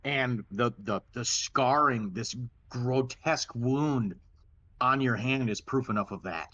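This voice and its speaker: A man narrating a tabletop game as dungeon master, relaxed and halting, with restarts. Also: mid-range voice, dull audio.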